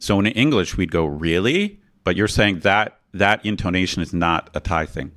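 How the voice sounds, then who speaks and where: A man's voice: low voice, steady tone, fast, a bit bright. An American man hosting a podcast, acting as an eager and agreeable learner in a casual lesson. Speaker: podcast host and language learner.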